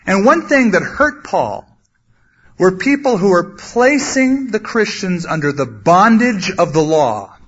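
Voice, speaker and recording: A man preaching a sermon, earnestly teaching from the Bible and acting out quotes with sudden loud bursts. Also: high-pitched, very animated, measured pace, breathy edge. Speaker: pastor. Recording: dull lo-fi sermon recording.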